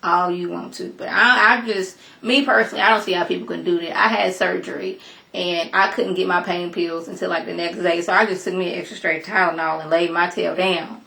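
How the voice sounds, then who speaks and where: A woman casually reviewing a TV episode, animated and emphatic, talking back at the characters. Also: lowish voice, a little fast, gravelly, echoey room. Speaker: TV show reviewer.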